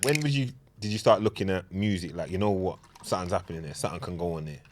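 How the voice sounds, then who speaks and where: A man's voice: low voice, fast talker, darkish tone. A man hosting a podcast, asking questions in an easygoing, slangy way. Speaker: podcast host. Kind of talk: relaxed interview questions.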